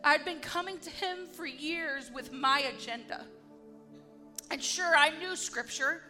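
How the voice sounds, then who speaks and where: Woman, devotional testimony, earnest and emphatic, unhurried delivery, soft music behind. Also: sits high. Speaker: speaker giving a testimony.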